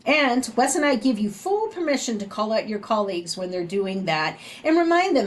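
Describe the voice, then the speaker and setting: Speaking briskly with hardly any pauses, a middle-aged woman uses a medium-pitched voice full of big pitch swings. She's a nursing instructor with a Southern US accent, delivering a recorded lecture conversationally and often ending points with "right?"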